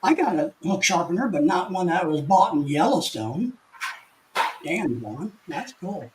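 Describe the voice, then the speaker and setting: An older man with a fairly high-pitched voice hosts a casual live stream from home. He reads out viewer comments in a folksy, rambling way, restarting his sentences and chuckling as he goes. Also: very animated, a little slow, background noise.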